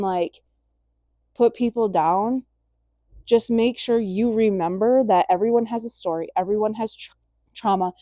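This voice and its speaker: A woman's voice: medium pitch, dark tone, no room sound, clean studio sound. Blunt, swearing young woman ranting. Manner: blunt, heavy swearing, emphatic. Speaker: vlogger. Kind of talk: casual rant to camera.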